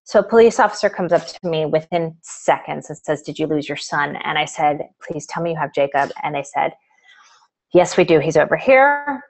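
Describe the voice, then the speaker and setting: Low-voiced woman telling a story. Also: moderate pace, poor audio. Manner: animated storytelling with quoted dialogue. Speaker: author guest. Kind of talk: storytelling in a live video interview.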